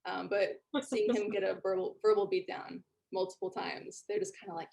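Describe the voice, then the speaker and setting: A woman's voice: medium pitch, flat delivery, moderate pace, gravelly, darkish tone. A woman narrating as game master in a tabletop game, chatty with many fillers.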